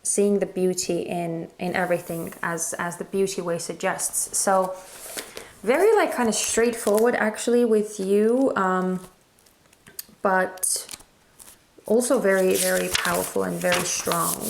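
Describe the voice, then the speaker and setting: A woman's voice: on the low side, steady tone, a little slow, vocal fry, slight background noise. Musing woman giving a tarot reading. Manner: musing, hesitant, many fillers and restarts. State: slightly strained throat. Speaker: tarot reader. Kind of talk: casual spoken tarot reading.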